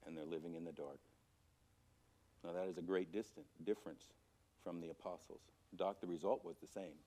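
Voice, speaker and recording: A man teaching a church Sunday school class from scripture, animated, swinging from loud emphasis to quiet, low passages. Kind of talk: Bible teaching. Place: church auditorium.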